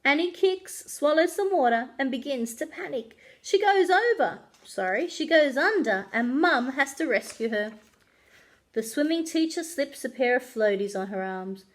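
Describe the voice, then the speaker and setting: Librarian reading to kids, expressive storyteller, high and animated. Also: female voice, normal speed. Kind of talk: children's story read-aloud.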